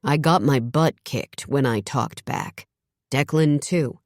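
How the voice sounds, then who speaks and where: A woman's voice: extremely low pitch, slow pace, darkish tone, no echo, clean studio sound, exaggerated voice. A woman voicing a blunt, defensive man who is a father. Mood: earnest.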